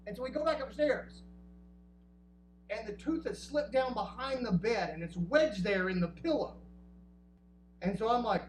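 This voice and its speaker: A man in his thirties telling a funny true story on stage, lively and quick to slip into acted voices. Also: high-pitched. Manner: animated, jumps into acted voices. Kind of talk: live comic storytelling. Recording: roomy distant live recording with hum.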